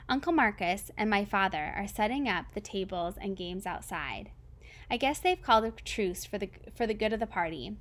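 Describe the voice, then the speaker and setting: Woman reading a novel aloud. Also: mid-range voice. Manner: steady, plain first-person storytelling with small slips. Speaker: reader.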